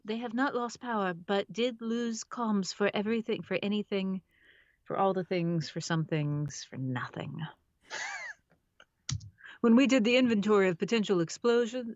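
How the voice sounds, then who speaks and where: A woman's voice: mid-range voice, a little mellow, no echo, dull audio. A woman narrating a novel on a live stream, often stopping to re-read lines and laughing at her own slips. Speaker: audiobook narrator.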